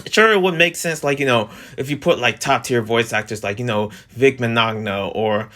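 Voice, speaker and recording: A young man in his twenties hosting a casual commentary vlog, rambling and animated, his voice jumping up when exasperated. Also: moderate pace. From New Jersey. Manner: rambling, animated, restarts and fillers, pitch jumps when exasperated. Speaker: vlog host.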